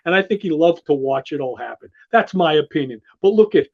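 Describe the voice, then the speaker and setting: A high-pitched man talks in an excitable, gushing ramble, often restarting his sentences. The sound is dull and lo-fi. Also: brisk. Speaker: show host walking through a comic. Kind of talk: enthusiastic casual commentary.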